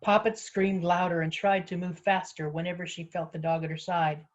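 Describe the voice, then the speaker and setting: Author lady reading her book aloud, lively storytelling, a bit lo-fi. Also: fairly low pitch, brisk, few pauses. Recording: slightly muffled lo-fi audio.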